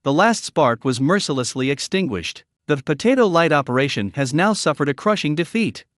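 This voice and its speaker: A man's voice: on the high side, lively intonation, a little fast, fairly bright tone, no echo. Dry, close male story narrator. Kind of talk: scripted story recap narration.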